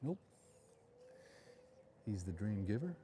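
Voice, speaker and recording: A man's voice: fairly low pitch, very animated, slow pace, noisy background. A man, a realtor, chatting and joking in opinionated asides while walking outdoors through town streets on a live vlog tour, filmed on a handheld phone.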